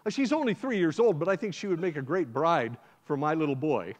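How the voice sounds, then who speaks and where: An American man, a guest preacher, telling a sermon as a lively first-person story. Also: a little high, brisk. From United States. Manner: animated, acts out scenes in first person. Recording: dull lo-fi sound.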